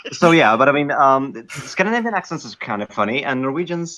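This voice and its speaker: A man's voice: a little high, expressive, a little fast, few pauses, sharp tone, muffled recording, slight background noise. A man from Sweden, explaining slang with hesitant fillers in casual chat. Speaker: podcast guest.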